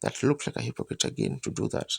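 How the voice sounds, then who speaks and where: A man's voice: quick pace, no room sound. A man preaching a sermon, telling a personal story in a folksy, colloquial way and acting out moments as he goes.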